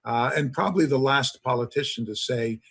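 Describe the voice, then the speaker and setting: A husky-voiced man at a middle pitch, speaking as a history professor. He lectures with eager storytelling and leans on frequent "uh"s between his points. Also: a little fast, a bit bright. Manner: enthusiastic storyteller, many filler "uh"s. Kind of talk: lecture to an audience.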